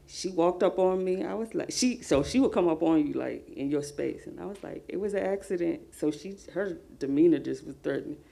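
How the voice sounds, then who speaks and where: Woman, group discussion, very low gravelly voice, dark tone, matter-of-fact. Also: fairly quick, hardly any pauses. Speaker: group participant. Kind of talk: personal story in a group discussion.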